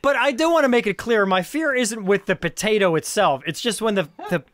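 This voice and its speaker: Chatty high-voiced man, dry mic. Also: fairly quick, fairly bright tone, no room sound. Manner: rambling, laughs often, thinks aloud. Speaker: podcast host. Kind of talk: casual film discussion.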